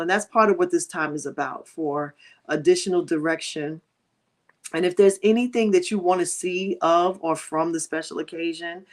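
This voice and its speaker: Middle-aged woman host, grieving and near tears; earnest, prayerful direct address to viewers, lower pitch. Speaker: livestream host. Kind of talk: heartfelt livestream talk.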